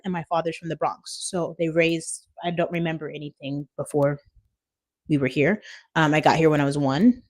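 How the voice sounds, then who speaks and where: A woman's voice: on the low side, a little mellow. A woman in her thirties from Washington State, chatting on a live stream from her phone at home, reading out viewer comments and laughing often. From Washington State, USA. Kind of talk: casual live-stream chat.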